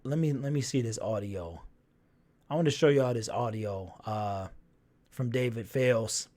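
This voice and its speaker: A man hosting a casual sports talk livestream, reacting to viewers' chat and reading comments aloud with lots of fillers and repeats. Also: medium pitch.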